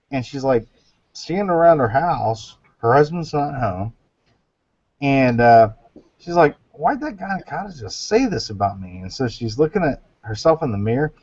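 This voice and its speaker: A man's voice: medium pitch, sing-song, measured pace, a little mellow, no echo, muffled recording. A man in a casual online group chat, rambling and stumbling through a joke. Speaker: chat show regular.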